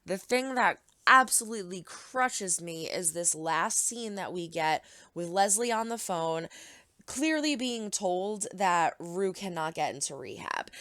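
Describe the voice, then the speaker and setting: A woman's voice: lowish voice, expressive, unhurried, pushed and bright, no room sound, clean studio sound. A woman hosting a reaction video, giving earnest, emotional commentary in a casual way.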